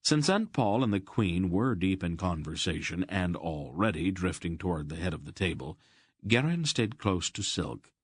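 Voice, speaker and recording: A man narrating a fantasy audiobook in an even, measured storytelling manner. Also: low voice, husky, no room sound, studio quality. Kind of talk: scripted narration.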